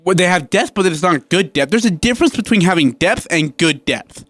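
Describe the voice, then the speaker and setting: A man's voice: high voice, lively intonation, brisk, fairly bright tone, no echo. A man co-hosting a sports radio show, talking casually with emphatic, opinionated energy.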